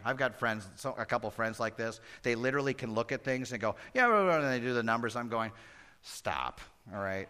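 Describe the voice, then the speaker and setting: Man, pastor, bright tone; lively verse-by-verse preaching that drops to quiet asides. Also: medium pitch. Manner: animated, swings between loud and hushed; acts out Bible characters conversationally. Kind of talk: expository sermon.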